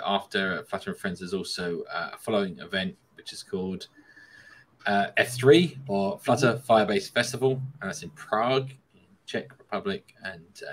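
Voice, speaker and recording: A man with a lowish voice hosts a casual live panel chat and reads out announcements. He sounds relaxed and a little hesitant, with faint background noise behind him. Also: poor audio. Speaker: host making announcements.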